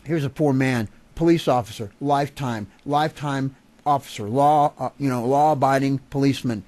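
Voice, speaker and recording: A man's voice: mid-range voice, moderate pace, a little mellow, dry recording. A man delivering an angry, profane political rant to camera, agitated and furious. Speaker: vlogger.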